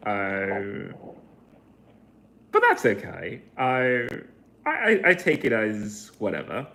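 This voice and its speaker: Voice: mid-range voice, sing-song, takes it slowly, a bit bright. A vlogger in a casual rambling monologue, swearing often and wandering between thoughts while second-guessing themself. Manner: profane, meandering, self-questioning.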